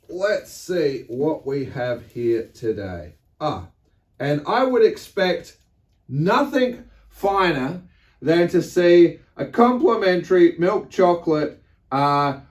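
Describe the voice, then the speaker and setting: A chatty man hosts a hobby unboxing video, his voice sitting a little high for a man. He talks enthusiastically and breaks into theatrical exclamations. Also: a little mellow. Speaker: model railway channel host. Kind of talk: casual unboxing vlog.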